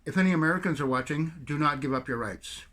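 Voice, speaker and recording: A man's voice: a little high, fast, fairly bright tone. Rambling, sarcastic Canadian man. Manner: rambling, sarcastic storyteller with mocking put-on French bits. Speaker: video commentator. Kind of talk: casual political rant to camera.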